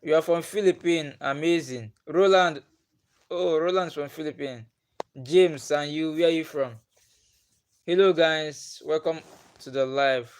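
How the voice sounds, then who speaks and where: Slow-talking Nigerian man hosting a live stream. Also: on the high side. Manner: chatty, laughs often, greets viewers by name. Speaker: livestream host. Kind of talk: casual live-stream chat with viewers.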